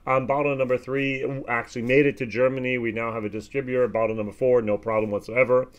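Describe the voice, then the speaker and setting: An American man giving a casual whisky tasting review, with animated, expressive reactions and plenty of fillers. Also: medium pitch, quick pace, clean tone. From United States.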